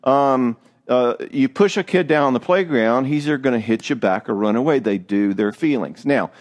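A man's voice: medium pitch, normal speed. A middle-aged man giving a church marriage seminar, a joking, self-deprecating storyteller. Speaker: marriage speaker.

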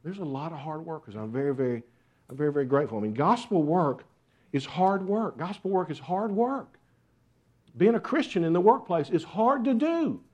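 A man's voice: on the high side, expressive, normal speed, darkish tone. A man preaching a sermon, earnest, with repeated rhetorical questions. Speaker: pastor.

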